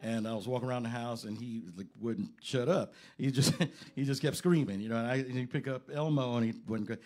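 A man's voice: mid-range voice, a little fast, a little mellow. A man leading a jazz band, talking casually from a club stage between songs, rambling and joking with many fillers. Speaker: bandleader and pianist introducing songs.

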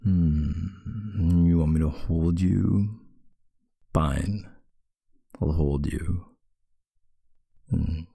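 A man in a whispered role-play, playing a teasing boyfriend. His voice is very low and gravelly, with a husky edge, and he talks slowly into a close, dry mic. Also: dry recording. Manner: playful teasing, soft and intimate.

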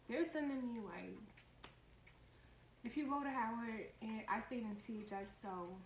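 Young woman ranting through a storytime. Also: a little high. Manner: animated, profane, heated storytelling. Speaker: vlogger telling a story. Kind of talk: casual storytime vlog. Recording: echoey room, faint background noise.

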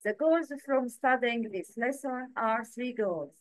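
A woman's voice: on the high side, slow pace, no room sound, poor audio. A woman teaching Arabic letter pronunciation in English, carefully spelling out each letter sound one by one. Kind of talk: slow, careful teaching with repeated example sounds.

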